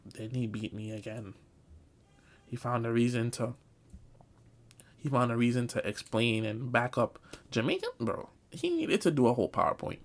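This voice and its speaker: A man's voice: fairly high pitch, sing-song, fairly quick, creaky, a little mellow. A man telling a comic storytime, talking loosely in slang and saying bro a lot. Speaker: vlogger. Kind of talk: comedic storytime.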